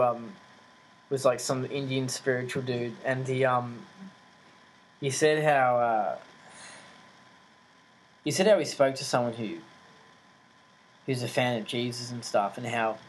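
A man's voice: medium pitch, a little hiss or hum, low-quality recording. Rambling man, full of fillers. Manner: rambling, hesitant, with many fillers; animated, incredulous storytelling. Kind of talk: casual monologue.

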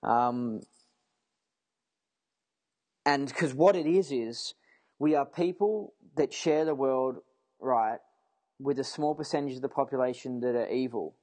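A man's voice: medium pitch, measured pace, pauses often, a little mellow. A young man in a casual rant to camera, rambling and emphatic, swearing freely and restarting his sentences as he goes. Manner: repeats himself and restarts sentences.

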